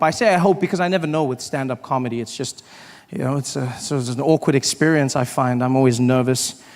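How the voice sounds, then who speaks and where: A South African comedian works a live theater crowd, spinning stories and imitating the voices of others. He speaks in a mid-range, slightly mellow voice.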